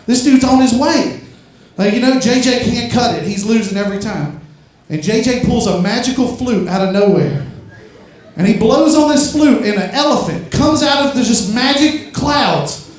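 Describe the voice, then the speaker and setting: High-voiced man doing stand-up, echoey club. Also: moderate pace. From Louisiana. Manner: rambling, builds into shouted rants. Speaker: stand-up comedian. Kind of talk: stand-up comedy set. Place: comedy club stage. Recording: echoey club from far off mic.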